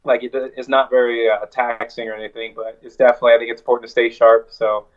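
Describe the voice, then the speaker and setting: A man's voice: medium pitch, little pitch movement, fast, dull audio. A man talking as a wrestler guest in a casual interview, telling stories in a loose, rambling way.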